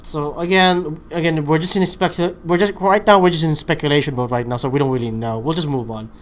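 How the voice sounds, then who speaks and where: A man's voice: on the high side, a little fast. A man hosting a casual livestream chat, hesitant, with many ums and restarts, posing questions. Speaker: channel host.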